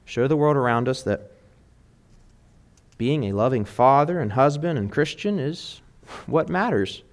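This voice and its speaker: Unhurried yet animated, a middle-aged man with a medium-pitched voice preaches earnestly to fathers. He quotes song lyrics and stresses his points with firm conviction.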